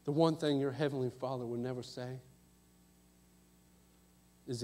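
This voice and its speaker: A man preaching an impassioned sermon in a church, moving between loud calls and hushed asides. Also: mid-range voice, steady tone, a little slow, slight background noise. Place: church sanctuary. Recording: long hall reverb.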